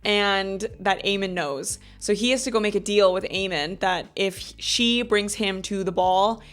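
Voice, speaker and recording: This book club host is a woman in her thirties running a laid-back book review vlog, with soft music playing behind her. Her mid-range voice is a bit bright, fairly even in intonation and unhurried, yet she gushes dramatically and leans heavily on "like."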